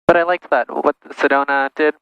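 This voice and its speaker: A man's voice: on the high side, steady tone, moderate pace, gravelly, a bit bright, smooth, dry recording, dull audio. A man who is a pilot, chatting and joking casually in a small plane's cockpit over a headset.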